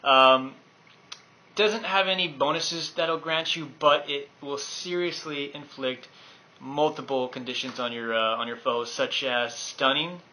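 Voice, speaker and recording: Man presenting game weapons, enthusiastic, rambling, very bright sharp voice. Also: medium pitch, unhurried, rough recording. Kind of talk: casual gameplay overview.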